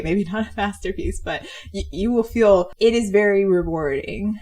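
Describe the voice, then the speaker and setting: A young woman and comic artist giving casual, chatty commentary on her own work, animated and prone to giggling. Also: mid-range voice. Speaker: comic artist, video creator.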